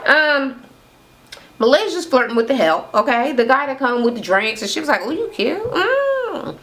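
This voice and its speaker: A woman's voice: a little high, animated, moderate pace, a bit bright. A woman talking casually on camera in a room, recapping a reality show with blunt, sassy, profane asides. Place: indoor room with ring light. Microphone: camera mic at close framing.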